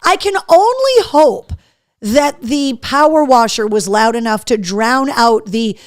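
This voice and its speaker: A woman hosting a live show, chatting and reading viewer comments aloud, telling stories in an animated, profane way. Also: high voice, no echo, clean studio sound. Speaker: host.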